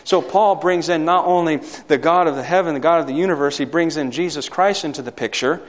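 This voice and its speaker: A man preaching a sermon to a congregation, swinging from loud emphatic peaks to quiet asides and asking the listeners for amens. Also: fairly high pitch, fairly quick. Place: hall or church. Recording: long hall reverb.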